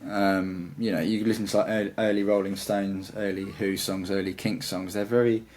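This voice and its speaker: A man's voice: sits low, flat delivery, normal speed, darkish tone, a little hiss or hum. A man chatting as a guitarist guest in an interview, talking in a rambling, enthusiastic way. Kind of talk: casual interview chat.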